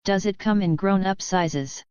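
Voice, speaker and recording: A woman's voice: mid-range voice, a little slow, darkish tone, clean tone, no room sound, highs cut off, natural voice. A woman voicing an arrogant teenage boy wizard who talks in a casual, mocking way. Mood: taunting.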